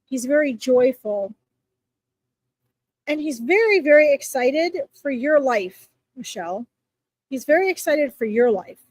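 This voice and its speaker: High-voiced woman giving chatty live readings. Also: expressive, a little slow, pauses often. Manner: chatty, warm reassurance, filler-heavy. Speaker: psychic reader answering viewers.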